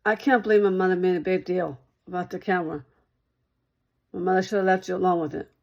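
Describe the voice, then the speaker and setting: A woman's voice: fairly low pitch, fairly even intonation, quick pace, gravelly, darkish tone, muffled recording. A woman talking straight to one listener in a rambling monologue, repeating herself and circling back over the same points.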